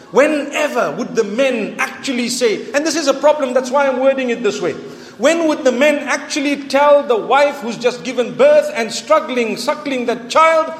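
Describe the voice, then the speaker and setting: High-voiced preacher in an echoing hall. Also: male voice. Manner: animated, playful, mixes in Arabic phrases. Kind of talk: sermon. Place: large hall with audience. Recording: echoey hall, long reverb.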